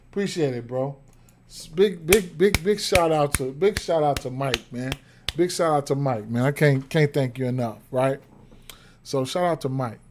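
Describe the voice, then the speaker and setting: A man's voice: fairly high pitch, a little mellow. A man doing casual livestream betting analysis, rambling with frequent fillers and repeated words, interrupted by hiccups. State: has the hiccups. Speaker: sports betting streamer.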